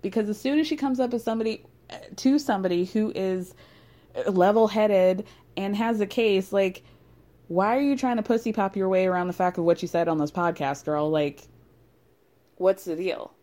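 Young woman, casual recap, sarcastic, chatty, quick asides. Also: medium pitch, dark tone. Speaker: reality TV recap host.

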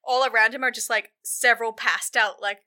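Woman, chatty podcast recap, lots of fillers, very bright voice, slightly high pitch. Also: fairly even intonation, fairly quick. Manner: chatty, lots of "like", laughs often. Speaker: podcast co-host. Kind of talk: casual film recap chat.

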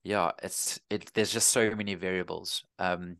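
Guest: 30s South African man, low voice, dry close sound, relaxed and rambling. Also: unhurried, vocal fry, no echo. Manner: easygoing, rambling with frequent restarts. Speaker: running coach, guest. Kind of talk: casual interview chat.

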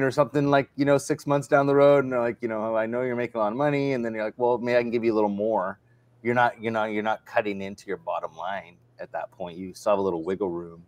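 A man's voice: lowish voice, darkish tone. A man hosting a casual livestream, rambling and retelling stories in quoted dialogue. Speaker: livestream host. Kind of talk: casual chat.

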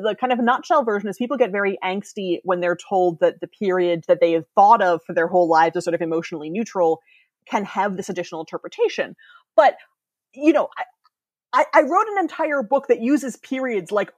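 A woman guest author talking through ideas on a podcast in a casual, explanatory way, with many fillers and quick asides. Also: medium pitch, no echo.

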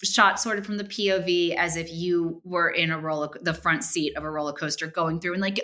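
A woman guest chatting in an interview, telling stories in a lively, animated way and acting out quotes. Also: lowish voice, brisk, few pauses. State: tearful. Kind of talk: casual interview chat.

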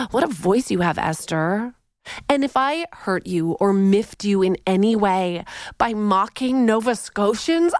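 A Canadian-born woman hosts a podcast with a playful, theatrical energy. Her voice sits a little high and sounds smooth and clear. The recording is close and dry. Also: no room sound. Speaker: podcast host. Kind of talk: casual podcast chat.

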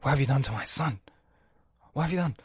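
A man's voice: medium pitch, animated, quick pace, husky, dry recording, pitched above the performer's own voice. A young man voicing God as a grieving, accusing male deity, calling out with a raised voice into a close mic. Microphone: close mic, breath audible.

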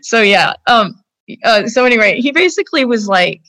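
A woman in her fifties with a fairly high voice speaks as an interview guest. She tells her story in an earnest, emotional, conversational way, with lots of "like" and "you know". The room sounds dry and close. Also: expressive, normal speed, a bit bright, dry recording. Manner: speaks directly to the hosts. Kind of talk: personal account in a conversation.

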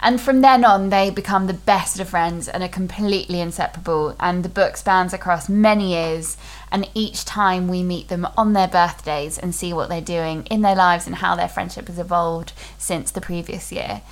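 Woman chatting about books, enthusiastic, lots of ums, mid pitch. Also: fairly even intonation, normal speed, hardly any pauses. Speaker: podcast host. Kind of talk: casual book chat.

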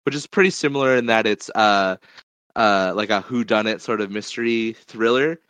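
Low smooth male podcaster voice. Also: a bit bright, no echo. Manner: halting, many ums, laughs easily. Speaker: podcast co-host. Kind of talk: casual chat, movie review.

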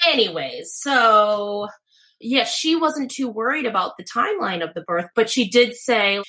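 A young woman chatting casually as a guest, telling a long personal story in an animated way, full of fillers and acted-out quotes, with the odd swear word. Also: a little high, measured pace. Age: young adult. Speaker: podcast guest telling her birth story.

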